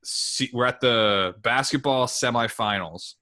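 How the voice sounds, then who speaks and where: A man from Michigan co-hosting a podcast, telling stories in a casual, animated way with quick asides. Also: mid-range voice. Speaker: podcast co-host.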